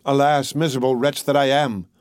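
A cruel, hot-tempered carter from a storybook, played by a man reading aloud. He cries out in anguish in a mid-pitched voice. The recording is dry and close. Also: fairly even intonation, fairly quick, clean tone, no echo, close to an everyday voice. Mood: despairing. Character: cruel, wrathful male carter.

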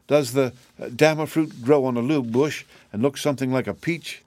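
A man's voice: mid-range voice, a little fast, darkish tone, dry recording, close to an everyday voice. A man voicing a polite, careful wizard traveler in an audiobook, speaking in a courteous, explanatory way. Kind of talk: audiobook character reading.

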